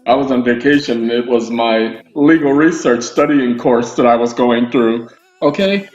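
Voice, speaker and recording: A man casually reading legal documents aloud and explaining them to his viewers, with lively asides and frequent check-ins. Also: mid-range voice, normal speed. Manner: animated, addresses listeners as y'all, breaks off into asides. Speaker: legal commentary host. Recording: roomy, dull sound with faint music.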